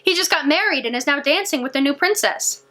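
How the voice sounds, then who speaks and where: A woman's voice: high-pitched, lively intonation, brisk, bright, forceful tone. A woman voicing a polite male castle servant who speaks formally. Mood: courteous.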